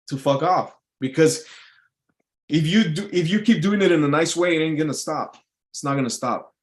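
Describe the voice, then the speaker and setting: A man talks straight to camera in a loose, unscripted rant. His voice sits in a middle register. He is blunt and profane and keeps checking in with his listener. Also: mid-range voice. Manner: profane, blunt, repeats "you know what I mean". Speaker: show host. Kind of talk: casual advice rant to camera.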